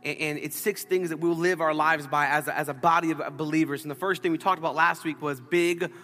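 A man preaching a sermon as pastor, telling a story in an animated, playful way. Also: fairly high pitch, brisk, long reverb tail. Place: church sanctuary.

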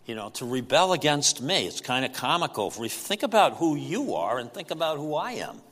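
A man's voice: medium pitch, sharp tone. A man preaching a sermon in a conversational way, with frequent fillers and emphatic rises. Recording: long hall reverb.

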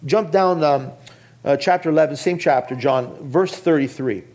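An earnest male preacher with a high-pitched voice delivers a sermon to his congregation. He speaks to them directly and often sinks low and quiet to drive a point home. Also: moderate pace. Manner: addresses the congregation directly with questions. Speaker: pastor.

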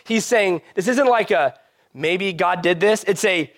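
A man preaching a sermon as a pastor, swinging between loud emphatic rises and quiet, soft drops. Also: high voice, unhurried.

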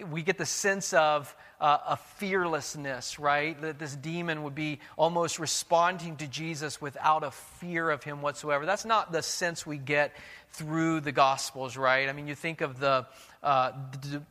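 Earnest guy preaching, voice a bit high, keeps restarting words, big echoey hall. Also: bright, forceful tone. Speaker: pastor. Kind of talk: sermon.

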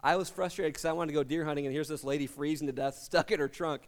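Speaking fast in a voice on the high side with fairly even intonation, this middle-aged pastor delivers a sermon under a long reverb tail. Humor runs through the personal stories he tells, and he performs the quoted voices of the people involved.

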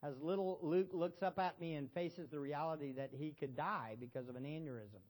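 A middle-aged man preaching a sermon in a church, swinging between loud exhortation and hushed emotion and asking the congregation questions. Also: on the high side, fairly quick. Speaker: pastor.

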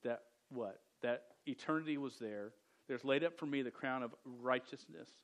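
A man delivers a sermon in an earnest voice that sits in a middle pitch range. He has a stutter and often repeats sounds and words before pushing on, and he speaks directly to a young audience. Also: normal speed. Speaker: preacher.

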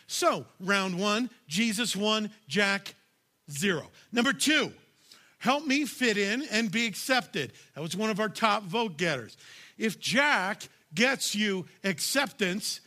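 A male pastor with a high, bright, ringing voice delivering a sermon. He talks conversationally and directly to the congregation. He hammers home his points with bursts of raised volume. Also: animated, takes it slowly. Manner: emphatic, punchy, shouts key lines; conversational, addresses audience directly.

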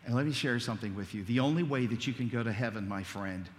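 A man's voice: mid-range voice, quick pace, long reverb tail, a little hiss or hum. A man preaching a sermon, telling a story and then building into a fervent, rising litany.

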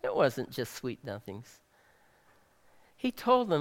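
Male pastor, sermon delivery; slow, dramatic, loud-to-hushed swings, recorded in a reverberant hall. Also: medium pitch, wildly swooping pitch. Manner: dramatic, swings between loud emphasis and soft near-whispers.

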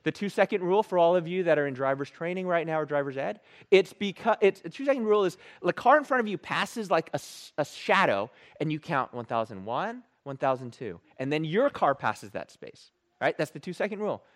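Man, pastor, sermon, animated storytelling, self-mocking, very lively pitch. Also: fairly quick, few pauses.

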